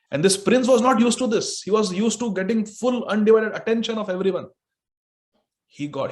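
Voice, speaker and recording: A man with an Indian English accent, a spiritual teacher telling a scripture story in an animated way, dropping Hindi phrases. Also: high voice.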